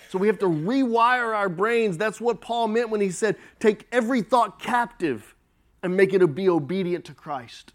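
A man preaching a sermon as pastor, slow and emphatic, swelling and dropping his volume. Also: high voice, lively intonation, fairly bright tone.

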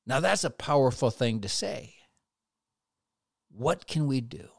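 A man's voice: medium pitch, animated, vocal fry, slightly rough, no echo, studio quality. Earnest man giving devotional teaching. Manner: earnest, reassuring, measured. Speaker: Christian speaker.

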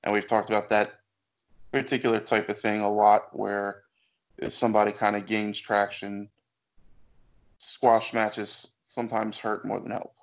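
Man calmly analyzing wrestling matches. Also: lowish voice, vocal fry. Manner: measured, analytical commentary. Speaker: podcast co-host. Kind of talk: casual chat.

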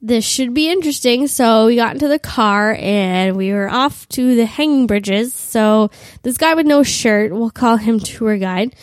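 A woman's voice: on the high side, measured pace, dry recording. Raunchy young woman with a cold. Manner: crude, self-mocking, lots of "like". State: has a cold. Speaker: podcast host. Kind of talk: comic storytelling.

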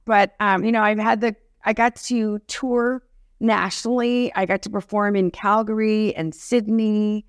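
A woman comedian telling her story as an interview guest, animated and self-deprecating, acting out the lines of people she quotes. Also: medium pitch, a little slow, clean tone, no room sound, clean studio sound.

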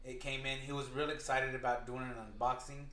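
A man in his thirties co-hosting a podcast in casual chat, loud, slangy and jokey. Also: mid-range voice, little pitch movement, brisk, echoey room. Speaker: podcast co-host.

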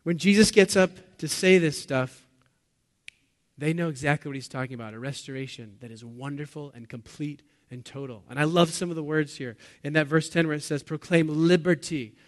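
A man preaching a sermon to his congregation, asking them questions and swinging between loud bursts and quiet, low lines. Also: brisk. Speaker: pastor.

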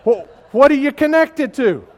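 With a very high voice, a pastor tells stories through a folksy, conversational sermon. He shifts animatedly between quiet, slow passages and loud, excited ones, frequently restarting what he says.

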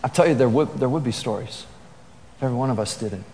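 A man preaching a sermon as pastor, telling stories in a relaxed, conversational way full of fillers and restarts. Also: mid-range voice, fast talker, vocal fry. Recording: long hall reverb.

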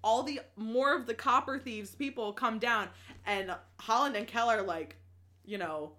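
A woman recapping a novel in casual chat, animated and laughing often, swearing freely and full of restarts. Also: a little high, measured pace.

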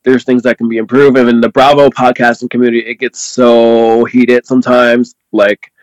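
A relaxed man chatting as a podcast guest, his voice in a middle range. He talks in an easygoing, measured way, recorded dry and close to the mic. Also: medium pitch, no echo, rough recording. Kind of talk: casual podcast chat.

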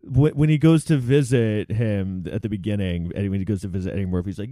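A man hosting a podcast, telling stories in casual chat with rambling, animated delivery. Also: on the low side, fast talker, dry recording, studio quality. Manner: rambling, animated storytelling with quoted voices.

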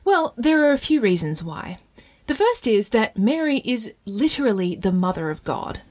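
A woman with a fairly high, sing-song voice speaks at a moderate pace, explaining Catholic teaching in a casual, chatty monologue. She fills it with "like" and keeps checking in with "okay?" and "right?"

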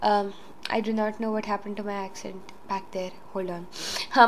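Earnest rambling woman with a higher voice. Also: normal speed. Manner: rambling, earnest, frequent fillers. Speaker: podcast host. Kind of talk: casual solo talk.

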